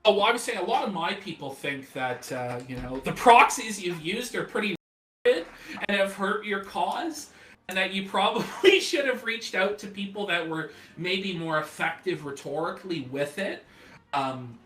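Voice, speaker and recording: A man's voice: high-pitched, lively intonation, moderate pace, a bit bright, reverberant. A man hosting an interview, asking probing questions in a casual way and hedging with fillers. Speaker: show host and interviewer.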